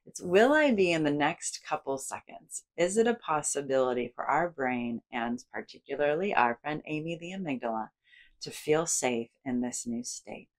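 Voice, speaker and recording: Woman, low voice, swooping lively intonation, guided lesson on the brain, playful acted-out self-talk. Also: moderate pace. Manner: animated, acts out inner voices with big playful inflections. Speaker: psychologist and educator.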